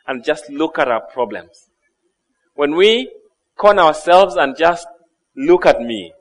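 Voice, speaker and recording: A man preaching a sermon, reading scripture aloud and explaining it in an expressive way. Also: high voice.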